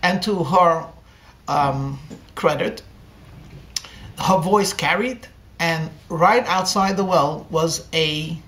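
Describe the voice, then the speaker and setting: A man, a rabbi, delivers a story as part of a sermon. He moves through it slowly and deliberately, pausing often between phrases. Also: on the high side, a bit bright. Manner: slow, deliberate pacing with pauses.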